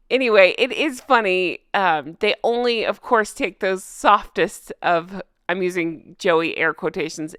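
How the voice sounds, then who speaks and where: This commentary channel host reads news aloud on her casual vlog, being sarcastic and laughing a lot. Her voice is medium-pitched and slightly bright, recorded with clean studio sound and no echo.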